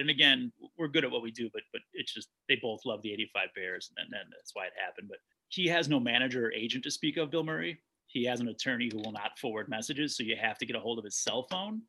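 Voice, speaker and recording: A man's voice: medium pitch, gravelly, pushed and bright, breathy edge. A man, a documentary director, telling stories in a casual interview, rambling with frequent restarts.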